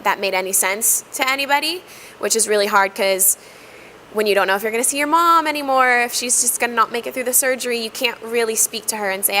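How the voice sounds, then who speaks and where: A woman sharing a personal testimony in an earnest, reflective way, with frequent pauses and fillers. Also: mid-range voice, pushed and bright, slight background noise, low-quality recording. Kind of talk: heartfelt personal storytelling.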